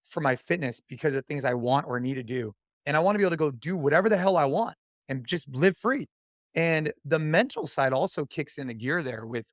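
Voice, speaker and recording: A man's voice: mid-range voice, dry recording, studio quality. A man in his thirties, a podcast guest, talking casually and with energy, like a fitness coach cheering someone on. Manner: energetic, coach-like, says dude and man a lot. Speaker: podcast guest, CrossFit athlete.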